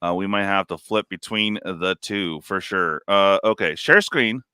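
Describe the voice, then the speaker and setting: A man hosting a casual live stream, rambling and animated, full of fillers like "dude" and "like". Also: deep voice, a little slow, smooth, dry recording, studio quality. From California. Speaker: stream host.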